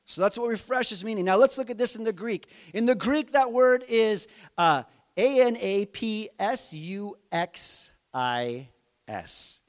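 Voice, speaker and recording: High-voiced man preaching a casual sermon. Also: lively intonation, unhurried. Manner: conversational preaching with rhetorical questions. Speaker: pastor.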